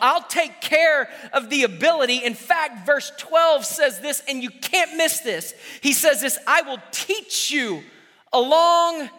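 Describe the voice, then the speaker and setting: Male pastor, thirties, high bright voice, animated sermon delivery, long hall reverb. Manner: exhorting, call-and-response, acts out quoted voices.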